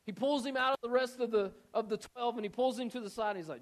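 A male pastor preaching a sermon in a conversational, animated storytelling manner, mixing in casual slang. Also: extremely high pitch, fast, hardly any pauses.

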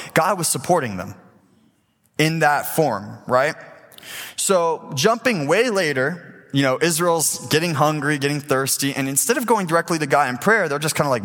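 A man's voice: on the high side, a little fast. Eighteen-year-old man preaching in a reverberant hall. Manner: casual, animated storytelling, acting out voices. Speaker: youth preacher. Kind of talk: sermon. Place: church sanctuary.

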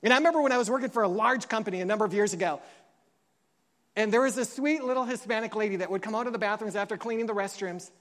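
Telling stories from the pulpit, this pastor brings quotes to life with lively acting and dramatic pitch leaps. When the sermon turns emotional, he becomes quiet and slow.

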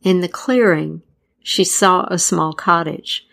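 A woman tells an old legend at an unhurried pace, her voice sitting low and calm. She reads in a measured, deliberate manner suited to scripted storytelling. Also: gravelly. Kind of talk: scripted folktale narration.

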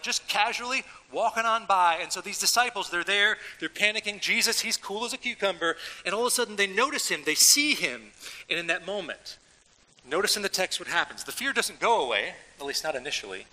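A man preaching a sermon as a pastor, in a casual, animated way with everyday slang, a father of young children. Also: high voice, fairly quick, long reverb tail, rough recording. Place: church.

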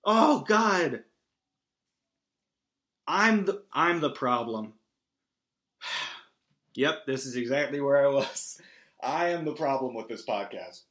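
A man hosting a podcast, recapping a movie in a rambling, self-deprecating way with big animated swings. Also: medium pitch, a little slow, long pauses. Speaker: podcast host.

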